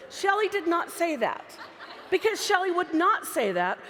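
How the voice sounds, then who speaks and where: High-voiced woman joking on a hall stage. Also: sing-song, moderate pace, a bit bright, a little hiss or hum. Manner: chatty, playful, jokes with the crowd. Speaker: convention speaker. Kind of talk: live stage talk to a large audience. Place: large convention hall stage. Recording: live hall sound with reverb.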